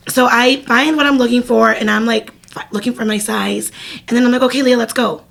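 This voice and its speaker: A woman's voice: fairly high pitch, fairly even intonation, fairly quick, creaky, a bit bright. A young woman co-hosting a podcast, telling a story in casual chat with lots of laughing and fillers. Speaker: podcast co-host.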